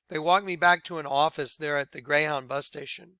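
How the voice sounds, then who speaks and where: A man preaching and telling his conversion story in an earnest sermon style, dropping to a hushed voice when he quotes. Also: fairly high pitch, fairly even intonation, brisk, hardly any pauses, clear, resonant tone, dry recording. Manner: earnest, drops to quiet hushed tones when quoting.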